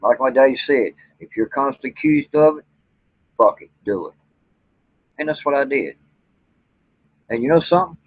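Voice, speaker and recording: Husky man ranting angrily. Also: medium pitch, no room sound. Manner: blunt, profane, indignant. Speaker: vlogger and Bigfoot researcher. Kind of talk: angry rant to camera. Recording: tinny phone-like audio.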